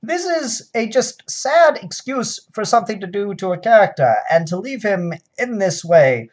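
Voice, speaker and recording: A grand, solemn 1940s statesman with an old patrician American accent, as a man puts him on, declaiming in a lofty mock old-time radio address that sits higher than his own speaking voice and pushes hard on the big lines. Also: sing-song, normal speed. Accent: 1940s old-fashioned American patrician. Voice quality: pompous, declaiming. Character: 1940s presidential orator impression, grand, solemn.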